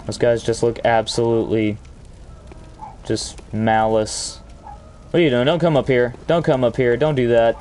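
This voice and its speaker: A man's voice: medium pitch, a little mellow, a little hiss or hum. Crude joking man playing a game. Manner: crude joking, mock-outraged rants. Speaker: gaming channel host. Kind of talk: gameplay commentary.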